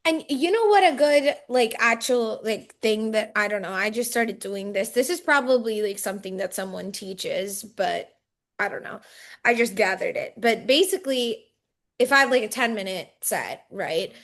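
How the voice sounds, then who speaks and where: A woman's voice: on the high side, animated, normal speed, a bit bright. A young woman who is a stand-up comedian, a guest on a podcast, chatting casually and laughing often, with lots of "like". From India. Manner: chatty, laughs a lot, fills with "like". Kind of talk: casual chat.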